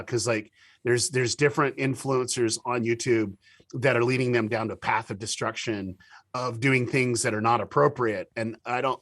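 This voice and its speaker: A man being interviewed as a TV producer, telling stories in a lively way, with many restarts and acted-out quotes. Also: medium pitch, dry recording. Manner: animated storyteller with many restarts and quoted dialogue. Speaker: guest, TV show producer. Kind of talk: casual interview talk.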